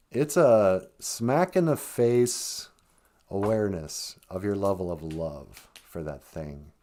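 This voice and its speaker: Casting: male live-stream host, casual and rambling, lively pitch that rises and falls a lot. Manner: candid and rambling, with frequent self-interrupting asides. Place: at home.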